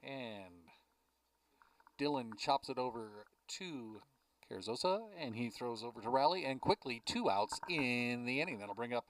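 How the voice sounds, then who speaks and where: A man calling a baseball game play by play from a ballpark press box, chatting easily between pitches. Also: lively intonation, a little slow, no echo, distant mic, poor audio. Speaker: play-by-play announcer.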